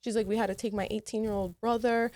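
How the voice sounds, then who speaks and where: A woman's voice: medium pitch, steady tone, quick pace, a little mellow. A woman co-hosting a podcast, telling travel stories in casual chat, swearing often and acting out the people she quotes. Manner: self-described yapper. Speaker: podcast co-host.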